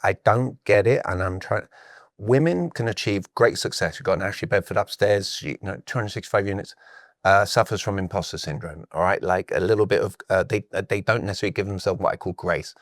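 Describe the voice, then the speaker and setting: A man's voice: low voice, a little fast, no echo, studio quality. A middle-aged British man with a British accent, a sales coach who talks as a podcast guest and acts out the conversations he recalls. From Britain. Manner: animated storyteller who acts out quoted exchanges.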